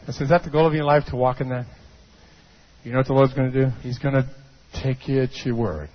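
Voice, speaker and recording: A man preaching a sermon as pastor, swinging from hushed low passages to shouted peaks and calling out to the congregation for amens. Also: husky. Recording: dull lo-fi recording.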